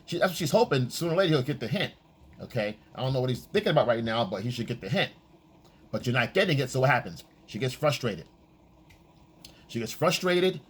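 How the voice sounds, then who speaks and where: Husky-voiced man giving blunt dating advice. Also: brisk. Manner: animated, acts out quoted lines in a high voice. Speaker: dating coach. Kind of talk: casual monologue with profanity.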